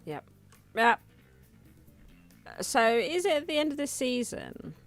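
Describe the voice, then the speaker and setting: A gaming video host gives casual let's-play commentary over faint game music, chatty and self-amused as she thinks aloud and often laughs at herself. Her voice sits high, is very animated, and moves slowly.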